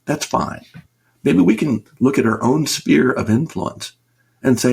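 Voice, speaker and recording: A man's voice: medium pitch, a little slow, vocal fry, darkish tone, slightly rough. A middle-aged man speaking earnestly as a guest in a conversational interview, stressing his points and asking rhetorical questions. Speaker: business author and consultant, guest.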